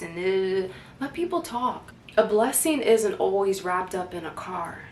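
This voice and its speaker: A woman's voice: mid-range voice, a little slow, hardly any pauses, a little hiss or hum. Earnest woman giving life advice, echoey room. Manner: earnest and direct, with animated asides and laughs. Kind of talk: casual faith-based self-help talk.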